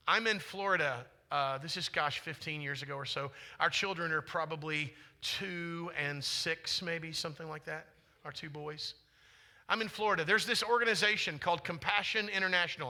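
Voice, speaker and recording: A man's voice: on the high side, sharp tone. A man in his forties, a pastor, telling a story during a sermon in a conversational way, often asking the congregation questions. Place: church sanctuary.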